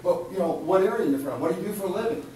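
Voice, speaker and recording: A man's voice: high-pitched, lively intonation, very fast, darkish tone, a little hiss or hum. Man coaching a room, echoey and far. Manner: coaching, chatty, repeats words. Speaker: sales trainer. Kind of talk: live sales training session. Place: training room with an audience.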